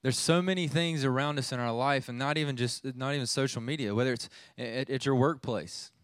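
A man's voice: medium pitch, fairly quick, clear, resonant tone, dry recording. A youth pastor in his thirties preaching a sermon, telling a family story in a conversational way with many restarts.

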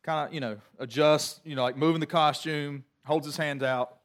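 A middle-aged male pastor preaching with a relaxed, conversational warmth of storytelling. His voice sits a little higher than most men's, and he talks in an animated, self-deprecating way. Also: moderate pace. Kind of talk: sermon.

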